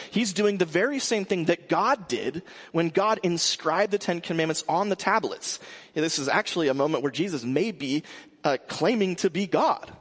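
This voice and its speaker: Man preaching a casual sermon in a hall. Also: high voice. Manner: conversational with frequent restarts and fillers. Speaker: pastor.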